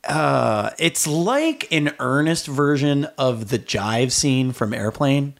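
A man's voice: mid-range voice, animated, slow, gravelly. A man co-hosting a film podcast, talking casually and rambling with frequent self-corrections. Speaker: podcast co-host.

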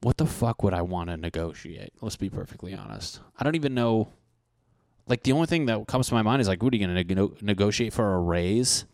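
Profane rambling man, low dry voice. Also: animated, a little fast, a little mellow, no echo. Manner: rambling, profane, acts out mock dialogue. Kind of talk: casual comedic chat.

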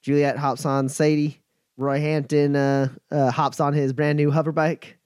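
A man narrating a tabletop game as game master, halting with many fillers. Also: fairly high pitch, flat delivery, darkish tone, smooth, dry recording, studio quality.

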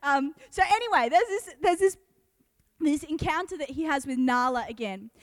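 High-voiced woman giving a chatty youth talk. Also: expressive, moderate pace, no room sound, clean studio sound. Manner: chatty and earnest, full of "like" and "um". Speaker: youth speaker. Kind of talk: casual youth devotional talk.

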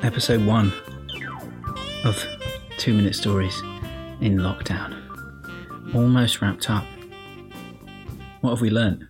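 A man's voice: on the low side, steady tone, takes it slowly, long pauses, over music. A man hosting a podcast, dry and self-mocking, wrapping up a show and reading a short piece, sometimes dropping to near-whispers. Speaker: podcast host.

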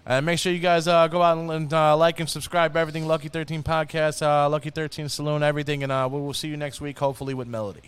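Guy hosting a podcast, kinda high voice, says bro and dude a lot, swears constantly. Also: level tone, fast, few pauses, clear, resonant tone. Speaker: podcast host. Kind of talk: casual podcast chat.

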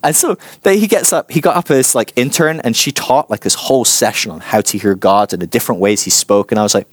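A man giving a personal testimony talk, telling his story with animated, self-mocking humor. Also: mid-range voice, fast, breathy edge, dry recording. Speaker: Christian teacher.

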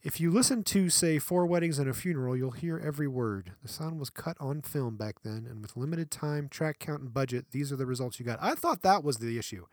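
A man co-hosting a podcast in casual chat, animated and laughing often, now and then reading from an article. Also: medium pitch, a little fast, hardly any pauses, no room sound, studio quality. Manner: animated, laughs often, breaks into playful voices. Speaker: podcast co-host.

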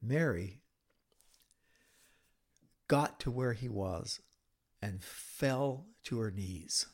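A man preaching a sermon, retelling a scripture story dramatically with hushed, whispered moments. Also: mid-range voice, lively intonation, very slow, breathy edge.

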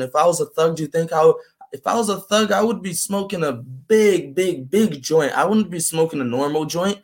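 A man's voice: fairly high pitch, normal speed. Brazilian man telling a tense street story. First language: Portuguese. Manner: animated, acts out voices in quotes, fills with "man" and "like". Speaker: guest. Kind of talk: casual storytelling interview.

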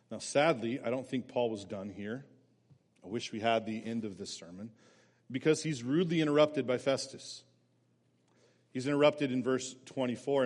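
A man preaching a sermon as pastor, animated and emphatic. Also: fairly high pitch, in a large hall. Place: church sanctuary.

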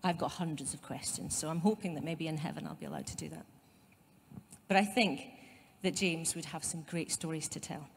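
A woman's voice: low voice, steady tone, fairly quick, vocal fry, slightly rough, long reverb tail. A woman pastor with a Scottish accent giving a conversational sermon, with asides to her congregation. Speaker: site pastor. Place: church.

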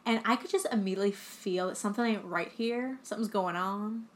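A woman's voice: medium pitch, fairly quick, a little hiss or hum. Chatty young woman podcast co-host. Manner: chatty, sarcastic, full of 'like' and acted-out quotes. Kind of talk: casual chat, recapping a film.

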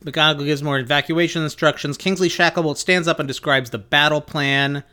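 A man's voice: on the high side, steady tone, bright, forceful tone. A man co-hosting a podcast, recapping a book chapter in casual, joking talk. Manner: jokey, summarizes with quick asides and silly voices. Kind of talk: casual chat.

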